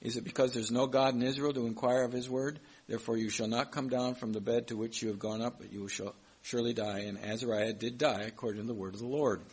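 A man's voice: mid-range voice, fairly even intonation, fast talker, few pauses, breathy edge, rough recording. A man preaching a sermon, reading Bible verses aloud and explaining them, with some hesitant restarts. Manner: reads scripture aloud and comments, with hesitant restarts.

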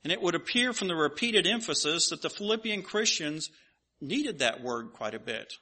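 A man's voice: a little high, expressive, moderate pace, bright, forceful tone. A man preaching a sermon and reading scripture aloud, emphatic and asking rhetorical questions at an uneven pace.

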